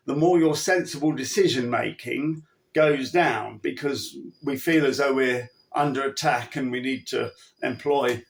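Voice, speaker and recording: A man who trains horses, giving an emphatic, chatty riding lesson and acting out his cues to the horse. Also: fairly high pitch. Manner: chatty, with restarts and asides. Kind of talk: instructional talk.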